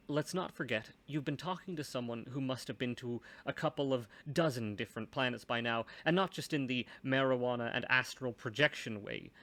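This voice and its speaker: A man's voice: medium pitch, a bit bright. A man reading a first-person story aloud, with dry, wry asides.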